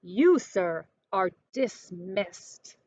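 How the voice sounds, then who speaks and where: A woman's voice: medium pitch, animated, drawn-out words, a little mellow, dry recording, highs cut off. A woman reading a storybook, voicing a stern, furious older male store manager. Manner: clipped, indignant.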